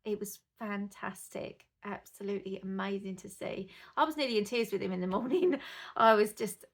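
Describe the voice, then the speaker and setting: Chatty mum with a gravelly edge. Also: female voice, mid-range voice, brisk. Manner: chatty, rambling, grows indignant. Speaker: mother vlogger. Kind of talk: casual chat to camera.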